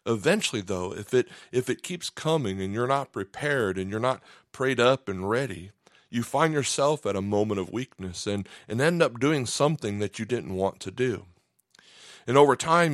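A man's voice: medium pitch, animated, moderate pace, no room sound, studio quality. A man preaching a sermon in an easygoing, conversational way, often repeating a word as he starts a phrase. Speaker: pastor.

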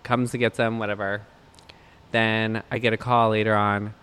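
A man's voice: on the low side, level tone, moderate pace, fairly bright tone, clear, resonant tone. A young man co-hosting a podcast, telling a rambling, profane story in casual chat, full of "like" and "literally". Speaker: podcast co-host.

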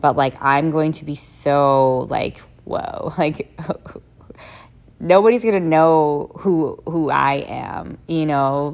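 Young woman podcaster, very low voice with vocal fry, open and rambling, swears casually. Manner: candid, rambling, swears freely. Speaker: podcast host. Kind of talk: personal reflective monologue.

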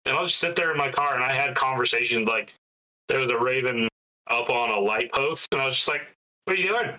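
A man's voice: medium pitch, a little fast, pushed and bright, rough recording. A man co-hosting a podcast in casual chat, easygoing and wry, often acting out voices of people in his anecdotes. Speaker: podcast co-host.

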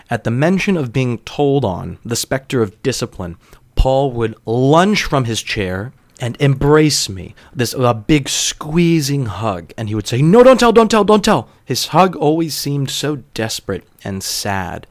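A man's voice: on the low side, dry recording. A young man hosting a podcast, telling a personal story in a wry, self-deprecating way with casual profanity. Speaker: podcast host.

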